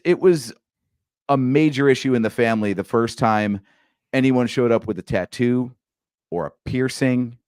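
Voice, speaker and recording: A man's voice: fairly low pitch, no room sound, clean studio sound. A man in his forties co-hosting a podcast, talking casually with a wry, easygoing humor. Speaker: podcast co-host. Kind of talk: casual chat.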